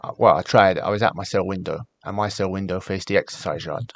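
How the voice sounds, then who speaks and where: A man's voice: sits low, quick pace, vocal fry. A man, a podcast guest telling his story candidly in casual talk and acting out the voices he quotes. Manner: candid, animated when recounting, acts out quoted voices.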